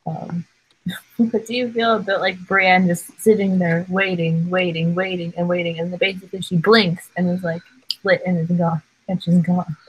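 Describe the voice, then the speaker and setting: A woman talks through a TV episode in a loose fan chat, her sentences wandering and packed with "like". Her voice sits on the low side and has a husky, breathy edge. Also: little pitch movement, moderate pace, poor audio. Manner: rambling, heavy use of "like". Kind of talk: casual fan discussion of a TV episode.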